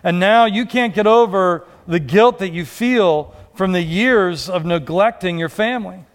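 A man's voice: sits high, unhurried. A male pastor preaching a sermon in a conversational way, acting out quoted voices.

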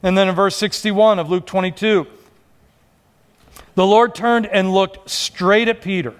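A man's voice: high voice, fairly even intonation, unhurried, clear, resonant tone. A male pastor preaching a sermon in a conversational way, acting out quoted voices.

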